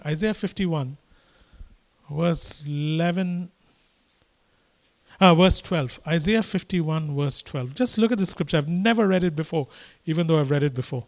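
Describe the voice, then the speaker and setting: A man's voice: a little high, a little mellow. A man preaching a sermon, repeating his points and building to impassioned, emphatic exhortation.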